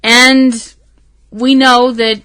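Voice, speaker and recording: A woman hosting a casual fan podcast, talking dramatically and swinging from loud outbursts to hushed asides. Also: fairly high pitch, flat delivery, extremely slow, clear, resonant tone. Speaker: podcast host.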